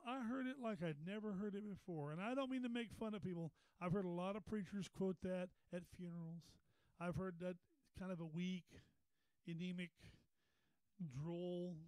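High-voiced folksy preacher man. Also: darkish tone, clear, resonant tone, dry recording, low-quality recording. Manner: folksy, repeats words, rises to a preaching pitch. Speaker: pastor. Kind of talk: storytelling sermon. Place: Bible study meeting room.

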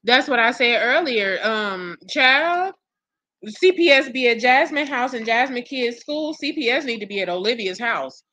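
Blunt, bright-voiced woman vlogger. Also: a little high, lively intonation, measured pace, dry recording. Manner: blunt, profane and exasperated. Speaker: commentary channel host. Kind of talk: casual gossip commentary to viewers.

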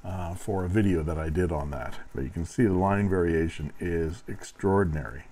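Low, mellow-voiced man reviewing pens. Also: moderate pace, rough recording. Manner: dry, wry humor between demonstrations. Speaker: fountain pen reviewer. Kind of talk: product review narration.

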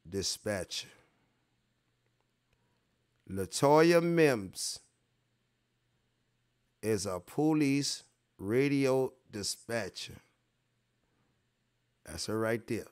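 An online show host runs a casual livestream, speaking directly to his viewers in a rambling, profane manner and repeating points for emphasis. His voice is medium-pitched with a clean tone.

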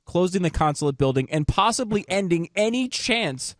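A man's voice: high-pitched, animated, moderate pace, no room sound, clean studio sound. A male radio co-host who teases the host and reads news items aloud. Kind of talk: political talk radio. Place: radio studio.

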